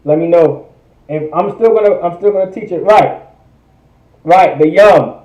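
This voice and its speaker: A man's voice: high voice, a little slow, dark tone, roomy sound, lo-fi sound. A man teaching a livestreamed language class, repeating phrases and checking in with viewers. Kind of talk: online language lesson.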